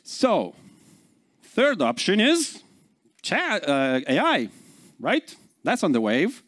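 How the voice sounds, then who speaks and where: A man's voice: sits high, huge pitch swings, slow, fairly bright tone, dry recording. A man in his forties with a Lithuanian accent, giving a live conference talk, chatty and full of fillers, often quizzing the audience. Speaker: conference speaker.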